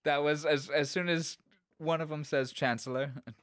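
A man's voice: on the high side, level tone, moderate pace, fairly bright tone, smooth, dry recording. A man co-hosting a casual film podcast, riffing jokily on tangents. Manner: jokey, riffs on tangents. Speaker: podcast co-host.

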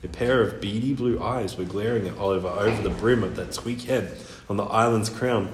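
A man reading a children's storybook aloud in an expressive narrating voice. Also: on the low side, brisk. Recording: echoey room, faint hiss.

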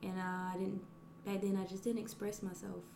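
A woman's voice: mid-range voice, flat delivery, fairly quick, vocal fry, dark tone, a little hiss or hum. Hesitant, reflective woman in an echoey room. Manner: hesitant, reflective, laughs often. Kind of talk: casual podcast conversation. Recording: roomy echo.

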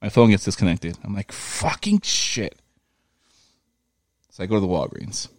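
A man with a low voice tells a rambling story in a loose, profane way and slips into voices for the people in it. The sound is dry and close. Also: fast talker, no room sound. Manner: profane, animated retelling with quoted voices. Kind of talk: casual storytelling chat.

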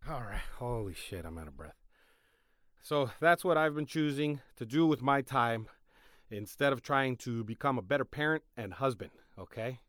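Young male podcast host, mid-pitched, dry close sound, wry comic delivery with sudden loud bursts. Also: expressive, normal speed, dry recording. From Mexican-American. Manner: sarcastic, joking, swings from loud to mumbled asides. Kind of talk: comedic monologue.

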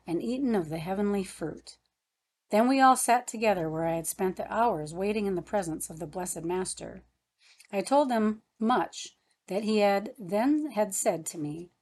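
A woman reading a devotional novel aloud as an audiobook narrator, in a gentle, devout manner. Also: mid-range voice. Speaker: audiobook reader. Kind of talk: scripted narration.

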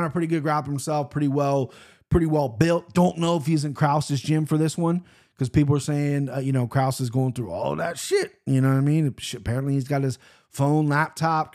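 A man in a mid-range voice rambles through his betting picks in loose, profane chat. He talks bluntly and drifts off on tangents, and he swings between loud bursts and quiet asides. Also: medium pitch. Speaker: podcast host picking fight bets.

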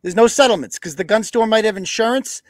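A man's voice: sits high, fast, no room sound. A man from New hosting a live show, cursing bluntly and acting out quoted exchanges in a casual rant. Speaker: podcast host.

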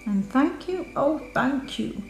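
A woman voicing a kindly, excitable witch in a read-aloud storybook, crying out in high, loud exclamations. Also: slow, echoey room, faint music behind. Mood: grateful.

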